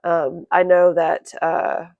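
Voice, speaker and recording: A woman crochet vlogger chatting casually to her viewers, quick and self-correcting, her voice croaky today. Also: lowish voice, flat delivery, darkish tone, no echo, dull audio. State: croaky, clearing throat. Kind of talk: casual chat to camera.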